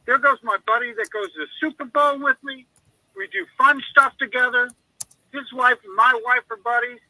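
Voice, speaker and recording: Bright, dry-voiced man telling rambling stories. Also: high-pitched, dry recording, rough recording. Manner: rambling storyteller who acts out quoted dialogue. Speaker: guest on a radio chat. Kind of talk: casual call-in chat.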